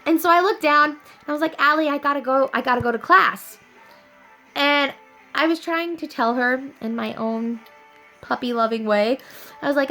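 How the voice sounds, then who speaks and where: A young woman talking earnestly and upbeat to her viewers in a casual inspirational vlog, telling a story with animated ups and downs. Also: high-pitched, rough recording. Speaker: vlogger.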